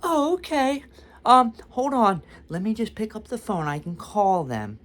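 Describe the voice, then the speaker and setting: A man voicing a flustered, sweet female hospital receptionist in a high, eager voice. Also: sing-song, fairly bright tone, exaggerated voice. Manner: high and eager, then slowing down.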